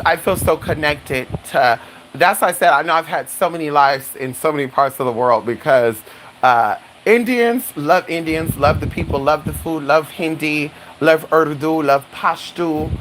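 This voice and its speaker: A sassy, flamboyant live-streamer in casual chat with viewers, calling them honey and girl and swooping high on dramatic exclamations. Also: noisy background. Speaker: livestreamer.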